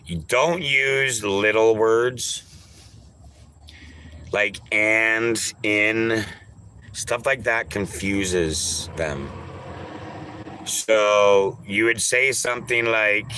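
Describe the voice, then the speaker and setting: Male streamer, low-ish voice, slow drawl, teasing, crude, casual chat. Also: bright, forceful tone, a little hiss or hum. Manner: teasing, repeats names in drawn-out pleading calls; crude, offhand.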